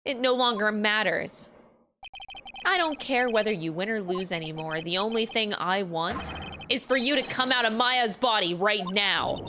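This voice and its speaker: A woman voicing a calm, confident woman lawyer who is a spirit, speaking in a cool, firm and measured way in a video game. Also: medium pitch, noisy background, close to an everyday voice. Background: game music.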